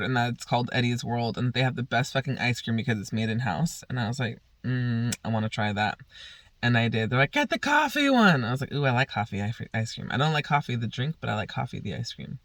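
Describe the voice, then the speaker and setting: Young guy rambling thru a story, swears constantly, dry close sound, mid pitch. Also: a bit bright, dry recording. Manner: profane, rambling, laughs a lot. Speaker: vlogger. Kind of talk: casual storytelling.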